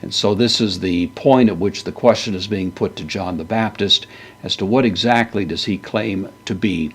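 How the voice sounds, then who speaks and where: A man teaching a verse-by-verse Bible lesson, pronouncing Greek words slowly and carefully before explaining them. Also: fairly low pitch, husky.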